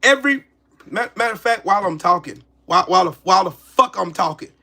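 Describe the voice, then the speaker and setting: A man's voice: high voice, expressive, quick pace, creaky, pushed and bright. A man in his forties ranting about politics, heated, profane and repetitive, saying he is pissed off and has a headache. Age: 40s. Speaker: political commentary streamer. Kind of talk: angry ranting commentary.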